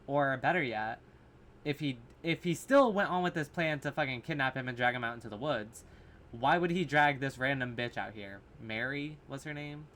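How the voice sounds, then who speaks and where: A man's voice: medium pitch, normal speed, a bit bright. Man rambling through a horror review. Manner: rambling, filler-heavy, swearing, sarcastic. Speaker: horror reaction vlogger. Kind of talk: casual rambling commentary. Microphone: camera mic.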